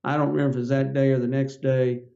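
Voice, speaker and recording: A man's voice: medium pitch, little pitch movement, very fast, creaky, dark tone, muffled recording. Older man telling a folksy story. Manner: folksy, earnest storyteller acting out dialogue. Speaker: podcast guest. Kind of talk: storytelling interview.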